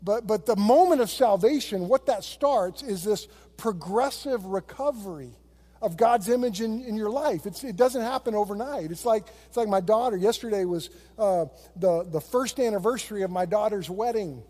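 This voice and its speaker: A middle-aged man preaches a sermon as a pastor, weaving stories into it in an easygoing, conversational way. His voice sits high for a man yet sounds warm and mellow. A long reverb trails behind him in a large hall. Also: normal speed.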